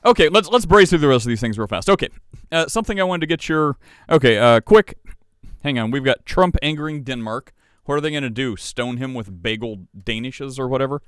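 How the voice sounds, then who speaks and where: A man co-hosts a casual podcast and reads the news aloud, breaking in with sarcastic jabs. His voice is smooth and clean, recorded dry and close with no room sound. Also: medium pitch, animated, a little fast, fairly bright tone, no echo. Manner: sarcastic, laughing asides while reading. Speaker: podcast co-host.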